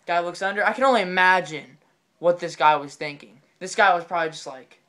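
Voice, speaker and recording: A man telling a comedic story in an excitable, rambling way, often repeating his phrases. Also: high voice, a little fast.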